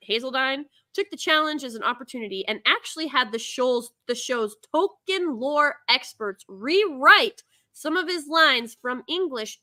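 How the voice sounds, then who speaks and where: A woman's voice: on the high side, bright, forceful tone. A woman hosting a casual commentary chat, talkative and laughing often, with frequent restarts. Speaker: host.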